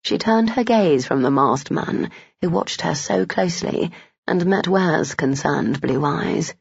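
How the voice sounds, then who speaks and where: An audiobook narrator reading a romance novel in a measured storytelling manner. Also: medium pitch, gravelly, husky, highs cut off.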